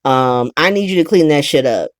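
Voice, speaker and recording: A woman's voice: expressive, moderate pace, dry recording, studio quality. A woman doing a cold, menacing crime boss. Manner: low, threatening, offhand slang.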